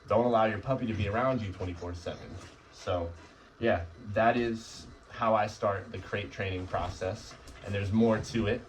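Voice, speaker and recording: A man's voice: fairly low pitch, fairly even intonation, normal speed, distant mic, a little hiss or hum, low-quality recording. A man who trains dogs, explaining crate training casually and often asking "right?". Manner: conversational, often asks "right?". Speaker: dog trainer. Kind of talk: casual instructional talk.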